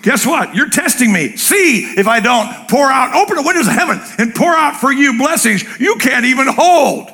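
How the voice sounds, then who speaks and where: A man's voice: very high-pitched, animated, normal speed, hardly any pauses, bright, forceful tone, pitched above the performer's own voice, exaggerated voice. A preacher playing a cheerful, delighted male God in a sermon, speaking in an eager, exclamatory way. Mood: jovial.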